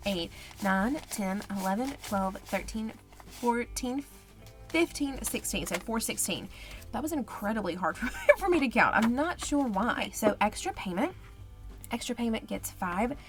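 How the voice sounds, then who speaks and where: A woman budgeting vlogger chatting casually and counting cash in a quiet, murmured voice. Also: mid-range voice. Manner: chatty, counts money under her breath.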